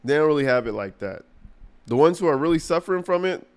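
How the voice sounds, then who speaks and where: A man riffs through casual livestream commentary, crude and mocking, with plenty of slang. His voice comes across smooth and clear. He rambles from one jab to the next. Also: fairly high pitch, lively intonation, quick pace. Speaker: streamer reacting to a clip.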